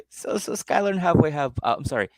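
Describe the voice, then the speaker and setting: A man co-hosting a comedy podcast, telling stories casually and jumping into high-pitched impressions. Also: expressive, fairly quick, no echo, clean studio sound. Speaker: podcast co-host.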